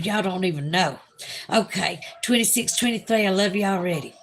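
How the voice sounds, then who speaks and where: A woman's voice: medium pitch, normal speed, slight background noise. A woman from Alabama with a Southern accent, chatting casually on a livestream and gushing over her viewers. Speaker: livestream host. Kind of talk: casual livestream chat reading viewer comments.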